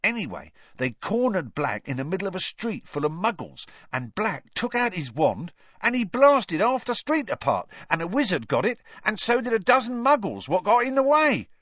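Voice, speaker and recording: A man voicing a brash, chatty young bus conductor, loud and excitable, on a dull lo-fi audiobook recording. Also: high voice, moderate pace, few pauses, no room sound, pitched above the performer's own voice, heavily acted. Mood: gossipy. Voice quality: loud, excitable, dropped grammar.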